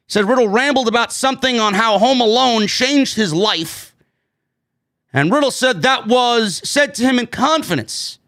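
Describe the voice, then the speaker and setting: A man with a New York accent ranting loudly and profanely while reviewing a wrestling show. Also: very high-pitched, moderate pace. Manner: loud profane ranting, frequent shouting.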